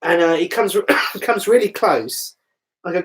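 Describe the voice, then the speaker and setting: Man, podcast co-host, lively anecdotes, casual swearing, laughs a lot. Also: on the high side, a little fast. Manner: animated storytelling, swearing, laughing. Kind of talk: casual live-stream chat.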